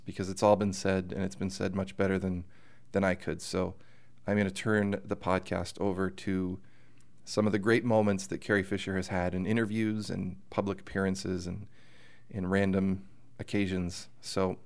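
A man hosting a podcast, introducing a tribute episode in an earnest, measured, reverent way. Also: low voice, level tone, gravelly. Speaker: podcast host.

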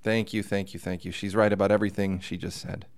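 A man hosting a podcast, introducing a tribute episode in an earnest, measured, reverent way. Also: low voice, level tone. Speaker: podcast host.

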